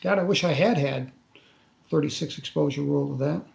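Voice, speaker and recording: An older man tells a personal story in a radio interview, his voice pitched a little high. He stops and starts often and repeats words as he remembers. The recording has a roomy echo. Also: creaky, a little mellow. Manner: halting, repeats words while recalling. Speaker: interview guest. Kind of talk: casual first-person storytelling.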